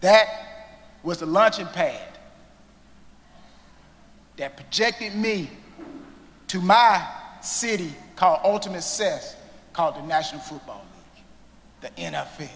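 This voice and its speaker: A man giving an inspirational commencement speech, slow and dramatic, with long pauses and sudden hushed moments. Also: high-pitched. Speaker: commencement speaker. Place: large indoor hall. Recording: long reverb of a large hall.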